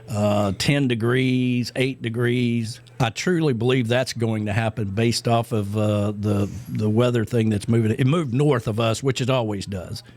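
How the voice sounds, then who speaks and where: A man's voice: medium pitch, a little mellow. Middle-aged guy cohosting a radio show, rambles, lots of uh and restarts, easygoing chat. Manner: rambling, many fillers and restarts.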